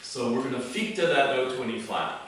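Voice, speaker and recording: A male associate conductor calmly explains a note change in the score. He is recorded far from the mic in a very echoey room. Faint noise sits in the background. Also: mid-range voice, brisk. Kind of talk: online choir rehearsal.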